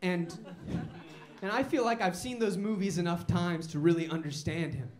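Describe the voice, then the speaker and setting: A man's voice: sits high, fairly even intonation, normal speed, roomy sound. A man doing a stand-up comedy set on a comedy club stage, telling wry, self-mocking stories.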